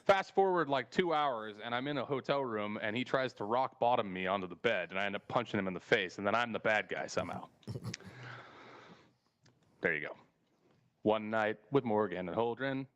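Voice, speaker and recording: A man's voice: lowish voice, normal speed, a bit bright, smooth, dull audio. A man hosting a podcast and telling a long story in casual chat, rambling and laughing often as he goes. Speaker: podcast host.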